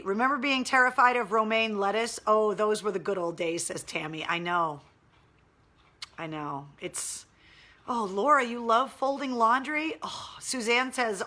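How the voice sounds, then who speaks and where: Chatty gravelly-voiced woman host. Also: mid-range voice, bright, forceful tone. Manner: chatty, candid and wry, with occasional swearing. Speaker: radio host doing a livestream. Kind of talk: casual chat reading viewer comments.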